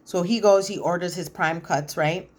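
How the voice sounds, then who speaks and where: A woman giving a casual, opinionated recap commentary on a reality show, retelling scenes in an animated way with slang asides. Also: on the low side, normal speed.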